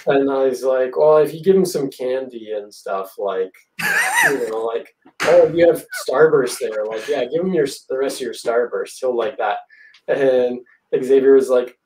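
A man's voice: mid-range voice, unhurried, a little mellow, slight background noise. A man, a magician guest, telling a rambling story in casual chat, often laughing and acting out what people said. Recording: echoey room, far from the mic.

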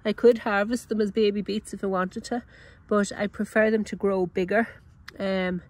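An Irish woman giving a casual, unhurried walkthrough of her vegetable garden outdoors, chatty and full of ums and self-corrections. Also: medium pitch, a little mellow, rough recording. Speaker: home gardener and channel host.

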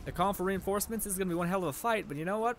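A young man giving casual, excitable gameplay commentary, swearing a lot and yelling at enemies as he plays. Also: high voice, racing. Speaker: let's play gamer.

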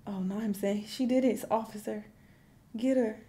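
A woman hosting a casual reaction video, giving blunt, animated commentary. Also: mid-range voice, normal speed. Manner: animated, blunt, laughing asides.

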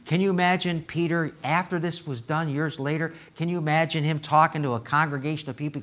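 A male pastor preaching a sermon in a church, swinging from hushed asides to loud, impassioned appeals. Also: on the high side, steady tone, brisk, few pauses. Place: church sanctuary.

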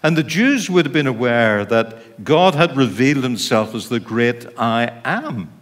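A man's voice: mid-range voice, lively intonation, a little slow. A middle-aged man with a Northern Irish accent, a pastor preaching a sermon in an informal, chatty way, with asides to the congregation. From Northern Ireland. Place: church. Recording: reverberant church hall.

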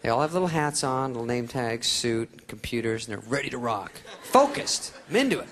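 A man in his thirties performing a stand-up comedy set, with sarcastic, deadpan asides that keep jumping into high voices. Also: quick pace. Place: stage before a live audience. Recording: live theater audience laughter.

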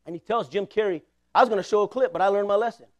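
A man's voice: high voice, very fast. A man in his forties preaching a sermon as pastor, passionate, with call-and-response to the congregation. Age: 40s.

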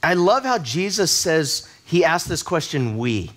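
Fairly high-voiced male pastor, conversational. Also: big pitch swings, measured pace, fairly bright tone. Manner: conversational, self-deprecating storytelling, repeats words as he starts sentences. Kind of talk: sermon with personal stories. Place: church service.

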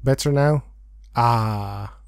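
Speaking very slowly, this man has a medium-pitched voice that is creaky yet clear and resonant. Hosting a let's play of an old adventure game, he reads the text in a giggly, playful manner, singing and hamming up lines; the studio-quality audio has no room sound.

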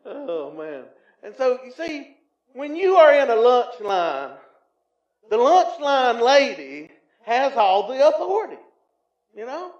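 Southern man, pastor, sermon, high-pitched, booming echo, loud-then-hushed delivery. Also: sing-song, normal speed. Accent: Southern American. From Tennessee. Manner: swings between loud emphatic preaching and low, quiet asides. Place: church sanctuary. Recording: echoey, slightly muffled church recording.

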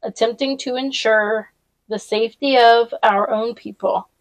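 A woman reading aloud, voicing an injured, stubborn man whose voice is hoarse, weak and croaking. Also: fairly high pitch, unhurried, no echo, poor audio. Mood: strained.

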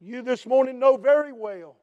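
A pastor with an unusually high voice delivers a sermon, driving his repeated refrains up into shouts and then easing back down. He is a middle-aged man preaching with fervent emphasis. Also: normal speed, narrow, tinny audio.

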